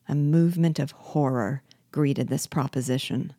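A woman reading a classic novel aloud in a measured, even storytelling manner. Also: low-pitched, dry recording, studio quality. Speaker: narrator.

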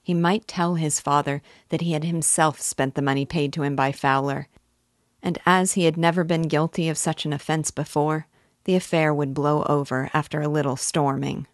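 A woman teacher reading a classic novel aloud in measured, even narration. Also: low voice, no room sound, clean studio sound. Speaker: literature teacher.

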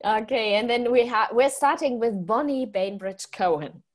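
A woman's voice: fairly high pitch, moderate pace. A woman co-hosting a conference, casually walking through the schedule in an orderly way. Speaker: conference co-host. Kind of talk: casual chat.

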